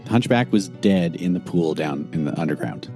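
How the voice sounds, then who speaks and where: A man running a tabletop game as game master and host, delivering brisk, upbeat narration and sign-offs. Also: deep voice, animated, mellow. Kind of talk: narrating a tabletop game and reading outro credits. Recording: music playing under the voice.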